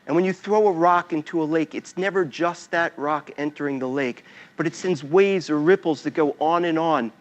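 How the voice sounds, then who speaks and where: A man voicing a calm, patient mother. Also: a little high, highs cut off, lightly acted. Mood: gentle. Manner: calm, gentle, explaining slowly. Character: patient mother teaching her young son.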